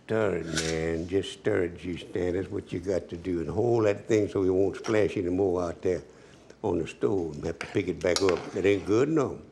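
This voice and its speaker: A man's voice: deep voice, moderate pace, creaky, background noise. A man giving a cooking demonstration as a home cook, folksy and chatty, talking straight to the viewer.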